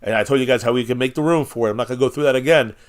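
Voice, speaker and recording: A man's voice: medium pitch, very fast. Rambling, blunt man hosting a sports live stream. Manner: rambling, blunt, swears freely, reads chat aloud. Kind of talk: casual live-stream chat.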